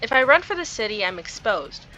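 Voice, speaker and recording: A woman with a bright, forceful voice reads a visual novel aloud. She gives the horror story a dramatic read, then drops into quick, giggly asides to herself. Soft music plays faintly underneath. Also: a little high, big pitch swings. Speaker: game streamer.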